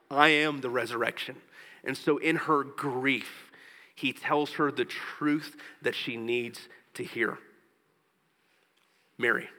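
A man preaching a sermon as pastor, earnest, slowing down for scripture and rising in pitch and force when he exhorts. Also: bright, forceful tone, big-room sound, low-quality recording. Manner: slows down for scripture and tender points.

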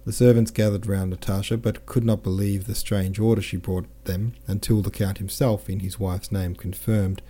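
A man's voice: fairly low pitch, level tone, normal speed, few pauses, dark tone, husky. A man narrating a classic novel aloud, reading the dialogue with mild shifts in tone for each character. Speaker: audiobook narrator.

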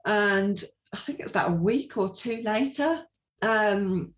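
A woman from England, an interview guest giving a personal testimony in animated storytelling with frequent laughter and fillers. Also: mid-range voice, a little slow.

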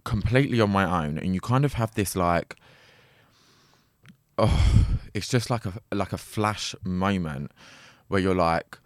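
A man's voice: sits low, a little slow, no room sound, clean studio sound. A man casually telling a long story, rambling with lots of fillers and frequent swearing.

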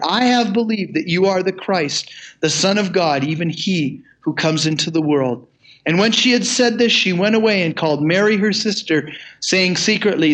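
Older man, high voice, sermon, measured scripture reading, casual retelling with chuckles. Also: a bit bright. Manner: reads scripture aloud in measured tones, then retells it with chuckles. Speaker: pastor.

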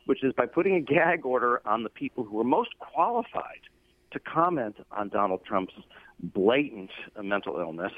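A man calls in to an interview and makes an earnest argument, often pausing on ums and uhs. His voice comes through a narrow, tinny phone line and sounds dry and close. His pitch sits in the middle range. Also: no echo. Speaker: interview guest.

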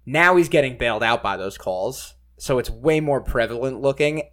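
A man's voice: medium pitch, normal speed, fairly bright tone. A man co-hosting a casual sports podcast, rambling and leaning on "like" and "you know". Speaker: podcast co-host.

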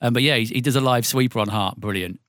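A man's voice: mid-range voice, fast talker, dry recording, clean studio sound. A man with a Northampton accent, a radio presenter, telling stories animatedly in a casual interview and swearing freely. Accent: Northampton English. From England. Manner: animated storyteller, acts out voices, swears freely.

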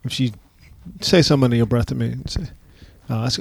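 A man in casual chat, blunt and quick to laugh. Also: creaky, breathy edge. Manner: laughing, blunt, swings between high and low voice.

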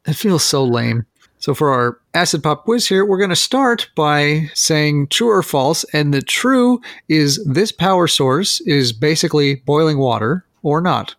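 A man hosts a jokey science chat, his voice swinging up and down as he explains facts with playful asides. He sounds a little higher than most men, and the sound is dry and close. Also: expressive, unhurried, fairly bright tone, no echo. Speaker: host. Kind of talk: comedic educational podcast chat.

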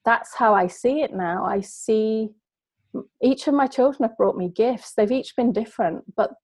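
Speaking a little slowly in a fairly high, darkish voice with a breathy edge, a middle-aged business coach appears as a guest. She recounts a personal story earnestly and with deep emotion, and the audio has no echo.

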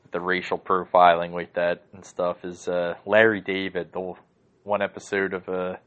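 A man's voice: sits low, completely flat delivery, normal speed, fairly bright tone, highs cut off. A man hosting a podcast from home, ranting casually and heatedly, swearing often and rambling through lots of fillers. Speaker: podcast host. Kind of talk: casual rant.

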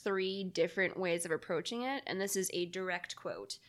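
A woman with a fairly low voice chats casually as a podcast co-host, talking at a moderate pace. She rambles, fills her speech with fillers, and laughs a lot.

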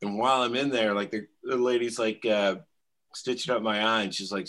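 A man's voice: fairly low pitch, fairly even intonation, a little fast, a bit bright. A man in his thirties telling a profane story in a casual chat, laughing often. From Canada.

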